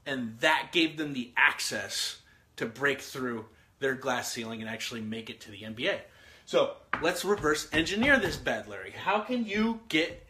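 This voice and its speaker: A man, likely in his thirties, giving a casual motivational talk, energetic and repetitive, asking his listeners questions as he writes out an outline. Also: fairly high pitch. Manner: energetic, repeats himself, asks the listener questions; works through an outline, writing as he talks. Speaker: motivational speaker.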